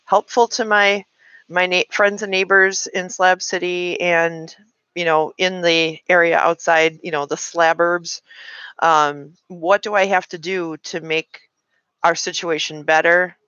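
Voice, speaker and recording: A woman's voice: lowish voice, little pitch movement, a little slow, fairly bright tone, clear, resonant tone, no room sound, lo-fi sound. A woman in her late forties chatting frankly to her live-stream viewers, venting and answering comments. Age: 40s. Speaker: livestream host. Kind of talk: casual live-stream chat.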